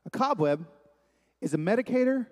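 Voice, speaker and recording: A man with a strikingly high voice preaches to a room full of listeners, telling stories emphatically and repeating his key points. His words ring out with a long hall reverb around them. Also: lively intonation, moderate pace, darkish tone. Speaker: speaker at a men's gathering. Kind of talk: sermon-style talk. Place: large room with a live audience.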